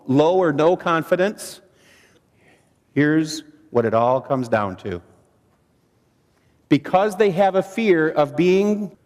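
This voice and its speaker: A man presenting a training seminar, quizzing the audience and using dramatic pauses. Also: fairly high pitch, a little mellow. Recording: long hall reverb.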